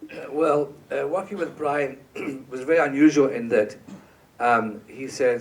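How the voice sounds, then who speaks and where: A man, a composer guest on a panel, telling an animated story on stage, laughing and acting out quotes. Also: medium pitch, measured pace, distant mic. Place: stage at an awards event.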